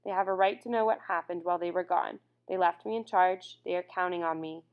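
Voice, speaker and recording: A woman narrating a first-person audiobook in a measured, reflective reading. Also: lowish voice, steady tone, smooth, muffled recording.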